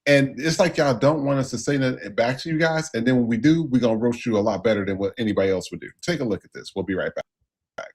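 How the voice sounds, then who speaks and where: Male podcast host, mid-pitched, casual and loose, lots of fillers. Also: fast, hardly any pauses, slightly rough. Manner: loose, filler-heavy segment lead-ins.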